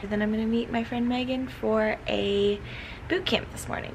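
A woman's voice: fairly even intonation, moderate pace. Chatty woman vlogging with background noise. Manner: chatty, talks to her dog in a high baby voice. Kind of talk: casual vlog chat. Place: car, street and home porch, some outdoors.

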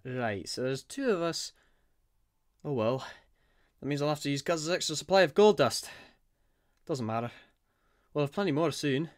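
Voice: mid-range voice, expressive, normal speed, long pauses, close to an everyday voice. A voice actor playing a cheerful, laid-back, small magical surfer man who chats casually and calls people cuz. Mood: easygoing. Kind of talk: fan voice acting.

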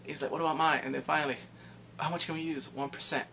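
A man's voice: a little high, level tone, quick pace, vocal fry, bright, forceful tone, slight background noise. A man casually recapping a TV episode, acting out the characters' lines in changed voices and laughing often. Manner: laughs often mid-sentence. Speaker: TV show reviewer.

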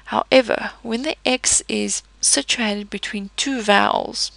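Language teacher, woman; slow, patient explainer, gravelly tone, dry close recording. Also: fairly high pitch, fairly bright tone, no room sound, low-quality recording. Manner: slow, patient explaining with fillers and self-corrections. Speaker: French teacher. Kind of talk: pronunciation lesson.

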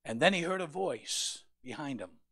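Gravelly preaching man. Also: on the high side, animated, normal speed, dry recording. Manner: impassioned preaching, voice rising to loud peaks. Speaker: pastor. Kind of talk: sermon.

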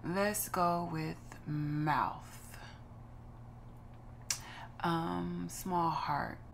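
A woman's voice: on the low side, creaky, a little hiss or hum. A woman from Los Angeles hosting a gaming channel, giving casual, chatty gameplay commentary and musing aloud while she chooses.

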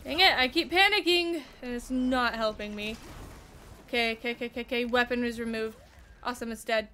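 A woman commentating her gameplay casually, excitable and quick to yelp and swear when she panics. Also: a little high, a little hiss or hum. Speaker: gamer streamer.

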